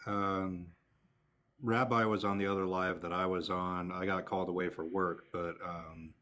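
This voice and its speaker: Very deep-voiced wry man. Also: flat delivery, moderate pace, sharp tone. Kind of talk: casual chat.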